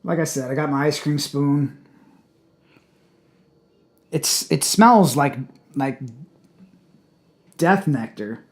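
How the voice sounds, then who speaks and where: A man casually reviewing a hot sauce on his channel, blunt and profane, with loud exclamations. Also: fairly high pitch, expressive, slow pace, pauses often.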